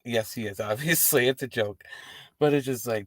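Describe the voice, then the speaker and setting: A man's voice: medium pitch, moderate pace, no room sound. A man hosting a wrestling post-show, talking casually and profanely to the camera from inside his parked car. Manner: rambling, profane, animated asides.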